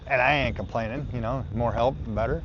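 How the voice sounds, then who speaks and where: A man in an easygoing vlog, rambling along with plenty of fillers and little laughs while he rides through a campground. His voice sits at an ordinary middle pitch. Steady outdoor noise runs under him the whole time. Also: fast talker, gravelly, dull audio. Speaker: RV travel vlogger. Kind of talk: casual vlog narration. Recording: noisy outdoor recording. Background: outdoor ambience and noise.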